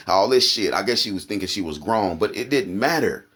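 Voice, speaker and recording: A man with an Oklahoma accent ranting angrily to camera, profane and heated, his voice climbing into high indignant peaks. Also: lively intonation, a little fast, a bit bright, slightly rough. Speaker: vlogger. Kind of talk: angry rant to camera.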